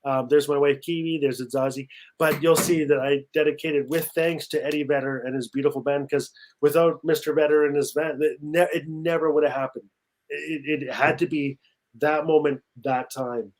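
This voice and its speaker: A middle-aged man from Canada tells a story on a video call, his voice a little higher than most men's. He repeats words as he goes and acts out the people he quotes. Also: fairly even intonation, moderate pace. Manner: warm storytelling with repetitions and acted quotes. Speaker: author guest. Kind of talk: live-streamed conversation.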